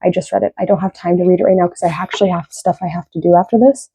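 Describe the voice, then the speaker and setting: A young woman reads tarot in a loose, rambling way, checking in with "right?" again and again. Her low voice has a gravelly fry and a dark, mellow tone. It sounds dry and close, with almost no room around it. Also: steady tone, racing, no room sound. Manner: rambling, tags sentences with "right?". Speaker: tarot reader. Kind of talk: casual tarot reading.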